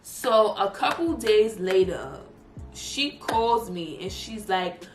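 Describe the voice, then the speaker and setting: A woman's voice: mid-range voice, takes it slowly. Young woman telling a heated storytime. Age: young adult. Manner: animated, heated retelling with squealed imitations of others. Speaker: vlogger. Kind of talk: storytime vlog. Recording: echoey room, music underneath.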